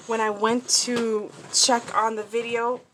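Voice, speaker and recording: A woman's voice: fairly high pitch, flat delivery, slow pace, a bit bright, a little hiss or hum. Chatty woman showing off crafts. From New Jersey, USA. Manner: chatty, scattered, many fillers and restarts. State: upset and shaken. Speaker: crafting vlogger. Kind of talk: casual crafting show-and-tell.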